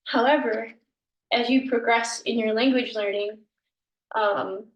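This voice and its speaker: A fairly high-voiced woman explains a language lesson slowly and patiently, stopping often to correct herself. Her voice sounds roomy and a little far from the mic. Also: steady tone, dull audio. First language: English. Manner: slow, patient explaining with frequent ums and self-corrections. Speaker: language teacher. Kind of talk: informal recorded language lesson.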